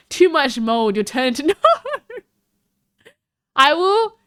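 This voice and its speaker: This Australian woman sounds expressive and a little slow, recorded at studio quality with no echo. She's live streaming, rambling and giggling as she chats with her audience, pitch jumping all over.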